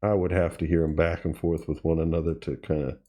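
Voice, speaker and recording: A man hosting a tutorial, casually demonstrating gear and thinking aloud with pauses and self-corrections. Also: very deep voice, little pitch movement, loud music behind the voice. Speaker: tutorial host. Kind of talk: casual demo while playing. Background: drum machine sounds he is playing.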